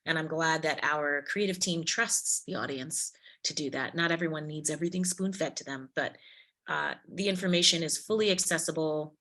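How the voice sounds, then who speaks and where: A woman with a bright, forceful voice that sits a little low, telling stories with lively expression. She is an actress chatting casually as a guest on a podcast interview. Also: moderate pace. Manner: animated, expressive storyteller.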